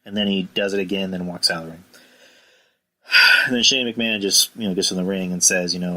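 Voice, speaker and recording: Low-voiced rambling male podcaster. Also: normal speed, pauses often, pushed and bright. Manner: rambling, full of "you know" and sighs. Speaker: podcast host. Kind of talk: casual chat.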